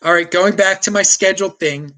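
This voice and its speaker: This American livestream host's voice sits high and sounds pushed and bright, and he talks fairly quickly. Alone on stream, he rants with strong opinions and reads out comments from chat.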